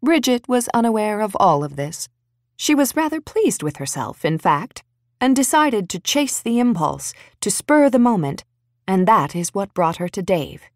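A woman narrating an audiobook in an expressive, wry storytelling manner. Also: mid-range voice, normal speed, no echo, studio quality.

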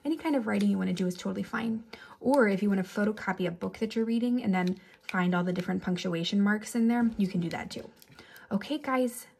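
Woman teacher doing a lesson for kids, kinda gravelly, husky, chatty w/ side comments. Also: mid-range voice, fast. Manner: chatty, animated examples, asides. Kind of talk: remote lesson for children.

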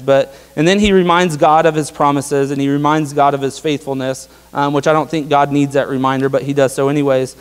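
A young man gives a relaxed, chatty sermon, his voice sitting a little high for a man. He keeps checking in with the congregation through tag questions and filler words. The sound carries a long hall reverb. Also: a little fast, hardly any pauses, smooth. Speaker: pastor. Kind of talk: casual sermon. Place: church sanctuary.

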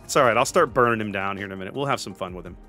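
A man's voice: on the low side, very fast, pushed and bright, soft background music. A man casually commentating his own naval battle game, joking and sarcastic with theatrical asides. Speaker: gameplay commentator.

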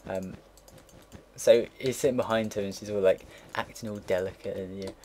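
A low-voiced young man in his late teens chats loosely as he builds something on his computer. He drifts between stories, loses his thread and swears offhandedly. A faint hiss sits under his voice, with soft keyboard clicks behind him. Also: steady tone, normal speed. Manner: rambling and easily sidetracked, swears casually. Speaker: game builder narrating a build. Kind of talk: casual gameplay commentary. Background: keyboard typing and mouse clicks.

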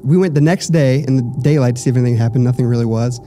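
A man's voice: medium pitch, racing, dark tone, slight background noise. A young man on stage at a live show, telling his ghost stories in a loose, chatty way with casual swearing. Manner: loose and chatty, swears freely, laughs between lines.

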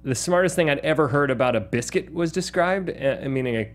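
This is a man in his thirties co-hosting a casual movie podcast. His voice sits a little high and swings widely as he jokes and acts out quotes. He laughs often and keeps things loose. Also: fairly quick. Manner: animated, laughing storyteller who acts out quotes. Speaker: podcast co-host.

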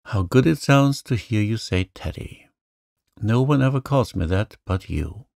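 A man's voice: on the low side, expressive, unhurried, creaky, a little mellow, dry recording, clean studio sound. A man voicing a mischievous, charming young man in a storybook reading, playful and coaxing.

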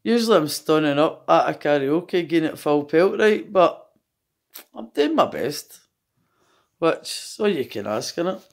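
Scottish woman, blunt and sweary, slow gravelly home karaoke over backing music. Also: deep voice, very animated. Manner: sweary, blunt, self-mocking. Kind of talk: karaoke singing at home with chat. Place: home, sitting on a couch.

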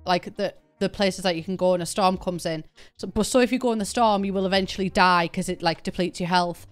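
Young British female streamer, smooth clear voice, rambly and giggly, faint music underneath. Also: lowish voice, brisk. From Britain. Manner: chatty, rambling, laughs often, swears casually. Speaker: game streamer. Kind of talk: casual live-stream chat while playing.

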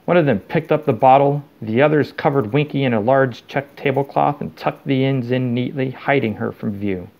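A man reading a storybook chapter aloud to his child in a steady, plain way. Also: medium pitch, moderate pace, vocal fry, few pauses, lo-fi sound.

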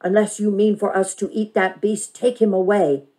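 A woman's voice: mid-range voice, normal speed, voice pushed up, close to an everyday voice, poor audio. A woman voicing an impatient, curious young girl who pleads and talks eagerly in a storybook reading. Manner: eager, pleading, rising excitement.

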